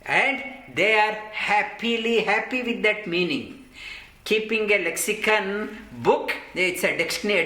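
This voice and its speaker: A man's voice: sits high, sharp tone. A man teaching a scripture class, explaining verses in an earnest, repetitive way. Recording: roomy echo.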